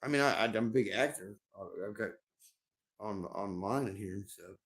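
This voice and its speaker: A man's voice: lowish voice, normal speed, vocal fry, fairly bright tone. A middle-aged man rambling at home on a livestream, swearing often and repeating his words as he goes. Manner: rambling, profane, repeats himself. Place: at home indoors.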